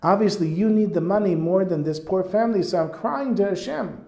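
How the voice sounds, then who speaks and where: A man's voice: mid-range voice, moderate pace, a little mellow, close to an everyday voice. A man voicing an old, humble holy rabbi who pleads with emotion, close to tears. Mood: tearful pleading. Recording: roomy echo.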